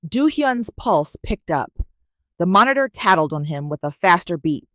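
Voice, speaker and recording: A woman narrating a romance story in a measured, even reading. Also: on the low side, no room sound, clean studio sound.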